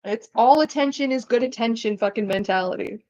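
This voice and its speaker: A woman rambles through casual stream chat, swearing freely and scattering "like" through her talk. Her voice sits a little high. The stream audio is dull and lo-fi. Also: fairly quick, darkish tone. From Canada. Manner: profane, rambling, fillers of "like".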